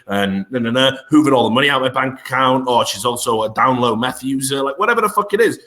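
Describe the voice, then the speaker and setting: A young man co-hosting a podcast, ranting in animated bursts and swearing freely. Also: mid-range voice, quick pace, hardly any pauses. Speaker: podcast co-host. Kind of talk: casual podcast banter.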